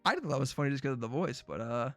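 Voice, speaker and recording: A man's voice: medium pitch, animated, rapid-fire, fairly bright tone, faint music behind. A man streaming casually, reacting to old predictions with jokey, sarcastic remarks.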